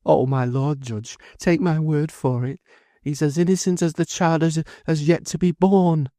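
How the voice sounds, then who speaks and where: A woman's voice: low-pitched, fairly even intonation, unhurried, warm tone, no room sound, studio quality, pitched above the performer's own voice. Storybook figure: a heartbroken old mother with a choking, pleading, raised voice, put on by a male reader. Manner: choking, pleading, broken with emotion. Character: elderly grieving mother pleading for her son.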